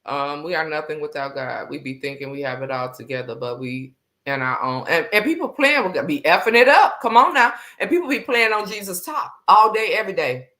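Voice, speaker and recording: A woman's voice: low-pitched, expressive, brisk, pushed and bright. Blunt, candid woman preaching on a livestream. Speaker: livestream host. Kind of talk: faith livestream talk.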